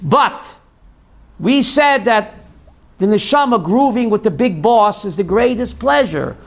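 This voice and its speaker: Speaking at a measured pace in a voice that sits high, this male rabbi leads a Jewish theology class. He is animated, poses call-and-response questions to his listeners, and acts out the voices he quotes.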